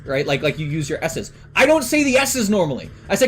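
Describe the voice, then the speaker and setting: A man's voice: fairly high pitch, very animated, a little fast, a little hiss or hum. A young man from Canada chatting casually on a stream, rambling with lots of fillers and swearing. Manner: rambling, filler-heavy and profane. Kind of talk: casual chat.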